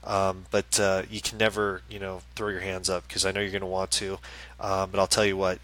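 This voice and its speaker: Guy doing a psychic livestream, bright forceful voice, lowish, lots of ums and restarts. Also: completely flat delivery, a little fast, low-quality recording. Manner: chatty, reassuring, lots of fillers and restarts. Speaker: psychic medium host. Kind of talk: casual live-stream chat, reading viewer questions.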